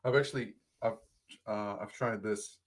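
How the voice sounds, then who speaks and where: A man's voice: lowish voice, fairly even intonation, moderate pace. Hesitant man, a podcast guest. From outside the US. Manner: hesitant, many restarts. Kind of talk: casual podcast chat.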